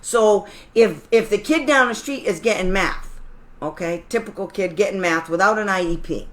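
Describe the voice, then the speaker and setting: A woman's voice: medium pitch, animated, normal speed. A middle-aged woman advising parents as a special education advocate, blunt, sarcastic and fiery in an informal talk.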